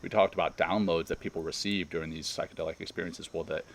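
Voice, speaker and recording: This man co-hosts a podcast from a retreat center in Costa Rica, earnestly sharing a personal experience in a reflective, casual, emotional conversation. His voice is low and quick, with fairly even intonation and vocal fry, over slight background noise.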